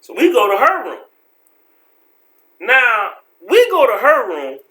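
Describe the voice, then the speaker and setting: Man, casual storytelling vlog, high voice, slangy, animated. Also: takes it slowly.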